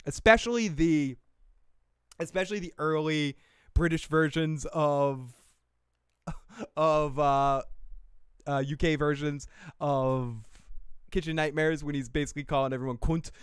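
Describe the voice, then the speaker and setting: A man's voice: a little high, steady tone, a little slow, long pauses, smooth, no room sound, studio quality. A man hosting a casual livestream, rambling and profane, and laughing often. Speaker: show host. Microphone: desk mic.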